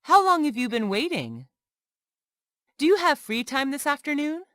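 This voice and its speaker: A woman reading short everyday English phrases aloud one by one, clearly and carefully, as a language lesson. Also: high-pitched, very animated, moderate pace, fairly bright tone, dry recording, studio quality. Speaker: English teacher.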